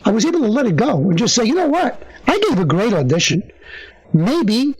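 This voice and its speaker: An older man tells a story as an interview guest, his voice pitched high and swinging widely as he animates each beat. He has a lively storyteller's delivery. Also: fairly quick, breathy edge, faint music behind, poor audio. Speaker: actor, guest.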